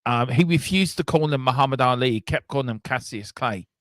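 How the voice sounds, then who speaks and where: This man rambles through a live football watchalong, animated and loose, dropping casual swears. His voice sits at an ordinary middle pitch and sounds dry and close to the mic, with no room around it. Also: brisk, dry recording. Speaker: watchalong host.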